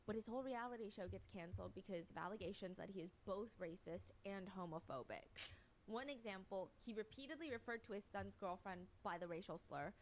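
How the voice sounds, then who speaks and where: Woman, mid-pitched, reads a commentary script with sarcastic, blunt asides, faint noise under her voice. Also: brisk. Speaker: commentary video narrator.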